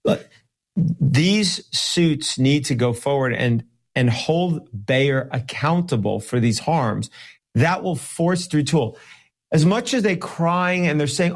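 A man, a lawyer and guest, talking emphatically in an interview, slowing down to stress his points, sometimes sarcastic. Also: on the high side. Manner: sarcastic at times. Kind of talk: podcast interview talk.

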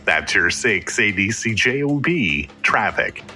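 A man reading a radio traffic report briskly. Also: lowish voice, sing-song, loud music behind the voice.

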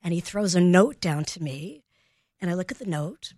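Animated woman telling parenting stories. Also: lowish voice, moderate pace, dry recording, clean studio sound. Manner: animated, acts out both sides of conversations. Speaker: parenting expert guest. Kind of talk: storytelling in a radio interview.

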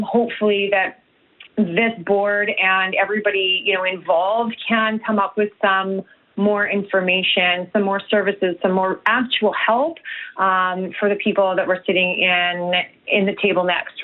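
A woman, a nutritionist guest, answering earnestly with halting restarts and many fillers. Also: medium pitch, fairly even intonation. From Canada. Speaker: guest, nutritionist and health coach. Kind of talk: heartfelt interview answers. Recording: tinny phone-like remote line.

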